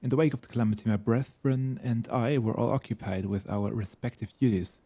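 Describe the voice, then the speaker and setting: A man reading game dialogue aloud, voicing a gentle male god in mortal form with a French accent and formal, archaic, courteous speech. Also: mid-range voice, a little fast, husky, dry recording. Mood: earnest.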